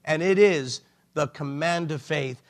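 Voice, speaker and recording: A man's voice: a little high, measured pace, creaky. A man preaching a sermon as a bishop, emphatic and dramatic in delivery.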